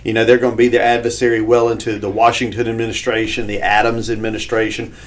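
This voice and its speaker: Low-voiced man explaining history. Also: fast. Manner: steady explainer who reads documents aloud with asides. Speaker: podcast co-host. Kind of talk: casual history discussion, reading quotes aloud.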